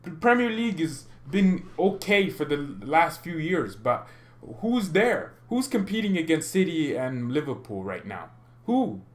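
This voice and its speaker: Male fan-channel host, higher voice, very animated, sarcastic rant. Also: unhurried. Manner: exasperated, sarcastic, mocking. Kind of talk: ranting commentary to camera.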